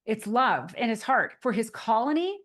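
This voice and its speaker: A woman's voice: on the high side, big pitch swings, moderate pace, a bit bright. A woman in her forties giving a casual motivational talk to the camera, retelling movie scenes in a chatty storytelling way. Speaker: motivational speaker.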